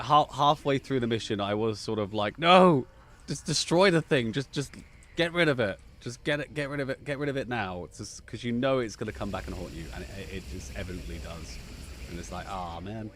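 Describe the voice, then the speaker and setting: A man's voice: on the low side, slight background noise. A man hosting a live gaming chat stream, chatty and effusive, often laughing.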